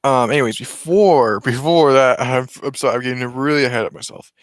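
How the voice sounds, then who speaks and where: A man's voice: mid-range voice, brisk, dry recording, studio quality. A man casually retelling a film's story, rambling with many restarts and self-corrections. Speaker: vlogger.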